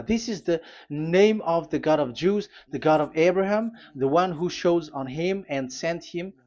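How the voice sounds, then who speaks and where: A man preaching a sermon, teaching at a board, pausing often with fillers and restarts and spelling out letters. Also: fairly high pitch, darkish tone, muffled recording.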